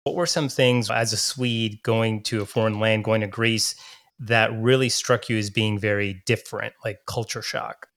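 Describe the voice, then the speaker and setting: A man narrating and asking interview questions in a plain, measured way. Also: lowish voice, fairly even intonation, a bit bright, no echo.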